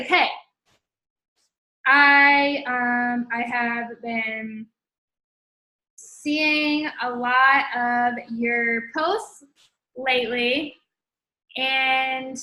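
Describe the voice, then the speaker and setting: A woman's voice: high-pitched, bright, forceful tone, roomy sound, poor audio. A young woman hosting a casual coaching talk, using slang and thinking aloud as she dictates a message while typing. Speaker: host coaching sellers. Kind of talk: casual instructional live talk.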